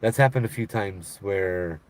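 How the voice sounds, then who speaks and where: A middle-aged man with a Hawaiian Pidgin-tinged accent, chatting casually on a live stream and telling stories, laid-back and animated when he quotes people. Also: sits low, a little slow. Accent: Hawaiian Pidgin-tinged English. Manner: laid-back, animated when quoting others, laughs often. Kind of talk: casual live chat storytelling.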